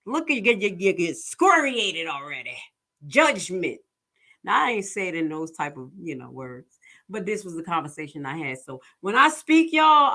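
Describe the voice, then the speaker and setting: A woman's voice: mid-range voice, bright, forceful tone. A woman giving casual commentary, telling stories in a blunt, profane, preachy way. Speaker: commentary vlogger.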